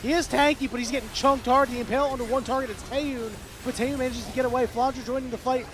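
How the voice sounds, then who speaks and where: A man calling live esports play-by-play, rapid and excitable, bantering with his co-caster. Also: extremely high pitch.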